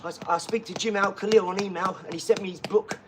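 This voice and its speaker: A man's voice: high-pitched, fairly even intonation, fast, noisy background. A man chatting on a live stream from his garage gym, talkative and boastful, full of enthusiasm and rambling asides. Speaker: fitness streamer.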